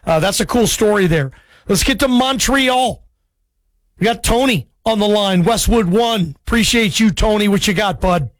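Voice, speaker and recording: A man's voice: high-pitched, moderate pace, no room sound. A man hosting a sports radio call-in show, chatty and friendly, firing off eager questions.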